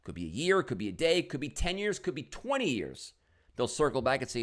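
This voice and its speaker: Lively storytelling man, animated delivery. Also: medium pitch, brisk. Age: middle-aged. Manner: storytelling with lots of fillers and quoted dialogue. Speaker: business and sales coach. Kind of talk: casual motivational talk to camera.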